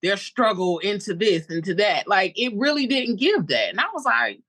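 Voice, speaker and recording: A woman co-hosting a casual film review chat, relaxed and conversational. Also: medium pitch, normal speed. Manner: relaxed, conversational, lots of fillers. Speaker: podcast co-host.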